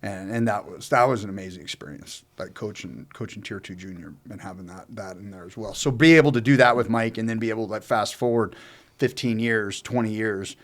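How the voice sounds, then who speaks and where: A man's voice: lowish voice, a little fast. A man telling a long personal story in casual chat, rambling and profane, with many fillers and restarts. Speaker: co-host telling his own story.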